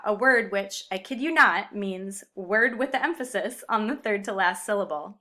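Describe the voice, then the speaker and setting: A woman explaining grammar in a clear, upbeat video lesson with Spanish example words. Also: mid-range voice, moderate pace, few pauses, sharp tone. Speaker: Spanish teacher.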